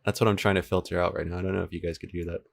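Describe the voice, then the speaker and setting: Rapid-fire, flat, and gravelly, this low voice comes from a man in his twenties casually livestreaming while coding a game server. Laid-back and chatty, he answers viewers' chat from a home room with the air conditioner going, switching between two desk microphones.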